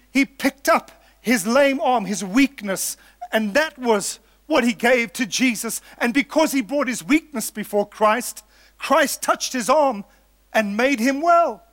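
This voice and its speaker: A man's voice: extremely high pitch, measured pace, a bit bright, no room sound. A man preaching a sermon in an earnest, emphatic way, building points through repetition and calling his listeners folks.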